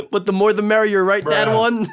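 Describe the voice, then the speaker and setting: A man hosting a gaming reaction video, excitable, often bursting into shouts and laughter. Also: high-pitched. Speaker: YouTube reaction host. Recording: music playing clearly underneath.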